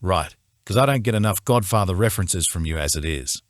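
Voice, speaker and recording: A laconic young man who drawls his words with dry calm, as a male narrator puts him on. The voice runs low and deep, close to the mic with no room sound. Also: fairly quick, no echo.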